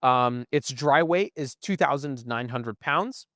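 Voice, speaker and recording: A man's voice: mid-range voice, animated, slow, fairly bright tone, no echo, clean studio sound. A young man co-hosting a podcast, explaining things at length in casual chat and often asking "right?". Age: young adult. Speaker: podcast co-host. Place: museum.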